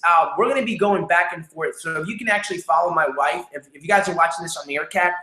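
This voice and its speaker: A man's voice: on the high side, fast, pushed and bright. A man co-hosting a casual livestream, upbeat as he greets viewers and asks them to follow and share. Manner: upbeat, hypes viewers and plugs social accounts. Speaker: co-host. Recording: echoey room.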